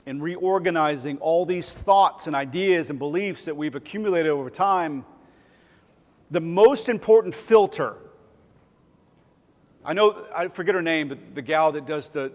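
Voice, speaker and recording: A man delivering a sermon in a casual, self-deprecating way, his voice sitting a little high for a man. A long reverb trails behind him, as in a big church hall. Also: lively intonation, unhurried, long pauses. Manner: conversational and self-deprecating, acting out voices in quotes. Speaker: pastor. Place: church sanctuary.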